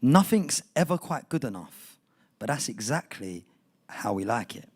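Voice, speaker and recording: A man's voice: medium pitch, very animated, unhurried, husky, no echo, studio quality. A young man performing spoken word poetry live, chatty and rambling between poems, rhythmic when reciting. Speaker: performing poet. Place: indoor poetry night venue.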